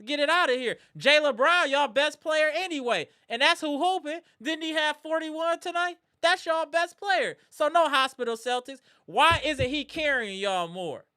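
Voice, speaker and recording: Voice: high voice, moderate pace, few pauses, bright, forceful tone. A live sports reaction streamer in a casual rant, trash-talking rival fans with lots of slang.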